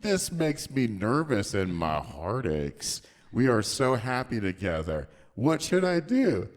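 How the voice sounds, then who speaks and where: A man voicing a distressed woman's written confession in a slow, deep, put-on reading voice, as a comic dramatic reading. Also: sing-song. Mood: mock-solemn. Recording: reverberant basement studio.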